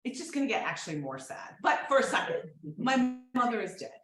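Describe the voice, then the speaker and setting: A woman performing a profane, confessional comedic story on a theater stage, swinging between loud bursts and hushed asides. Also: on the high side, very animated, fairly quick, reverberant, rough recording. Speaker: solo performer.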